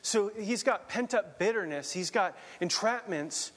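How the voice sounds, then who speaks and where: Preaching man with a slightly high voice in a reverberant hall. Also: lively intonation, unhurried, a bit bright. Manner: earnest, reads scripture aloud and explains it. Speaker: pastor. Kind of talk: sermon.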